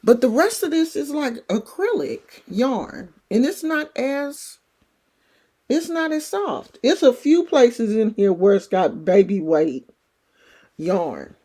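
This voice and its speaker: A middle-aged woman talks in a rambling, folksy way with a California country twang. Her voice sits on the high side and swings widely in pitch. She takes her time and never hurries. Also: lively intonation, takes it slowly, mellow, slightly rough. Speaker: livestream host. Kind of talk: casual chat.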